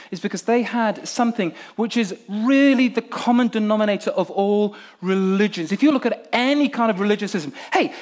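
Animated high-voiced preacher man. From Nigeria. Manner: animated, humorous, acts out crowd responses. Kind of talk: sermon.

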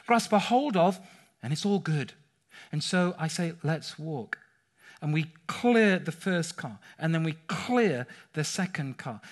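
A middle-aged man preaching a sermon, telling a personal story with animated, dramatic delivery. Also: high-pitched. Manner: animated storytelling, rising to cries at dramatic moments.

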